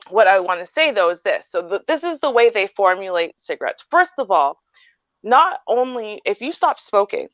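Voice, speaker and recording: A woman's voice: mid-range voice, a bit bright, dry recording. Emphatic woman, dry lo-fi podcast sound. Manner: emphatic, explains point by point. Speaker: podcast host. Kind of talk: casual chat.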